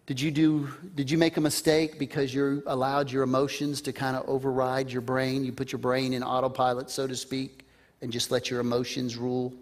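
A man's voice: mid-range voice, little pitch movement, a little fast. A man preaching a sermon in a conversational way, putting questions to the listeners. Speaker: pastor.

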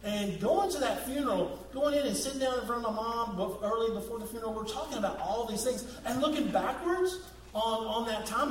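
A man, a youth pastor preaching a sermon with lively, laughing storytelling. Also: very high voice, fairly quick, slight background noise. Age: 40s. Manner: animated storytelling with bursts of laughter. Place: church sanctuary. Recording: echoey room, mic at a distance.

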